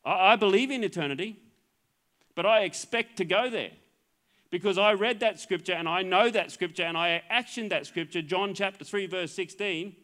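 Middle-aged Australian male preacher with a high-pitched voice; earnest, stop-start sermon delivery. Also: moderate pace, a bit bright. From Queensland, Australia. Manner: earnest, repeats words and restarts phrases. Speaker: pastor.

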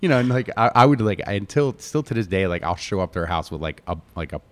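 A man from Connecticut, a chef and restaurant owner, telling family stories in a casual interview, animated and quoting his relatives, with lots of "like". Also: lowish voice, quick pace. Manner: animated, quotes family members, heavy use of "like".

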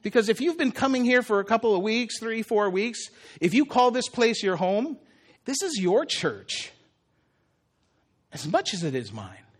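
High-voiced male pastor preaching. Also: big pitch swings, moderate pace. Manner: conversational preaching, acts out Jesus' words. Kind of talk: sermon. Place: church.

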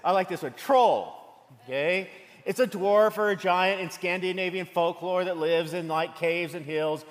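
Slightly slow and high in pitch, this man delivers a sermon as pastor, blending humorous asides and stories into what he preaches. He's in a church sanctuary, and the sound carries long hall reverb.

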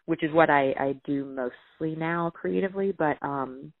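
A woman's voice: low voice, normal speed, vocal fry, no echo. A woman from the American South, a writer telling stories from her career in casual conversation and acting out quoted dialogue. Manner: animated, acts out quoted dialogue. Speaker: guest writer. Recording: tinny phone-like line.

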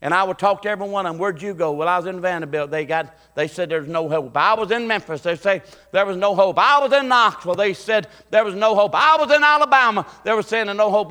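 Excited preacher, bright high voice. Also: male voice, fast, hardly any pauses, in a large hall. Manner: folksy, building to excited preaching with acted-out voices. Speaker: pastor. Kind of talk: sermon. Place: church sanctuary.

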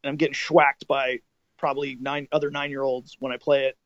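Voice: mid-range voice, flat delivery, brisk, a bit bright, no echo. A middle-aged podcast co-host telling rambling anecdotes in casual chat, with plenty of restarts. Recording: dull lo-fi dry sound.

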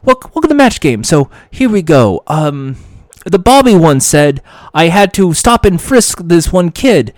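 A man's voice: on the high side, sing-song, a little slow, darkish tone, dry recording, clean studio sound, pitched above the performer's own voice. A man impersonating a dignified, chatty British game show host, with a British accent and rambling, upbeat patter. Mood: cheery.

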